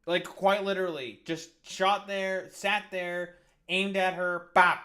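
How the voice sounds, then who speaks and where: Bright, high-voiced ranting man. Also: fairly even intonation, takes it slowly. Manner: angry, profane, sarcastic. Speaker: streamer reacting to news clips. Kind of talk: ranting commentary over news clips.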